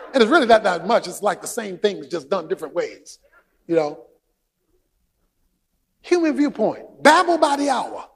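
A man preaching a sermon as pastor, shouting for emphasis and telling stories with asides. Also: very high voice, slightly rough. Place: church sanctuary. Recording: long hall reverb.

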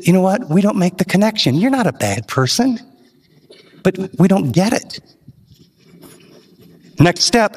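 Man preaching, earnest and emphatic, fairly high voice, long hall echo. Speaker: pastor. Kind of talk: sermon.

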